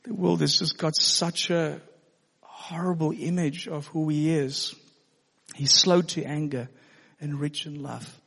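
Man preaching, higher voice, long hall reverb, earnest storytelling. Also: steady tone, takes it slowly, gravelly, a bit bright, husky. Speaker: pastor. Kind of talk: sermon.

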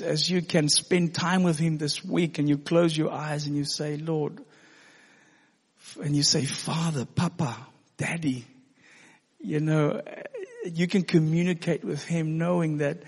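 A pastor telling a personal story in a sermon, earnest and given to laughing. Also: male voice, a little high, vocal fry, slightly rough. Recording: long hall reverb.

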